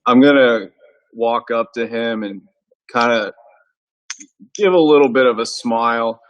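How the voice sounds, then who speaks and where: A man playing a tabletop game, speaking slowly in an unhurried, easygoing way. His voice sits at an ordinary middle pitch. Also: highs cut off. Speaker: player.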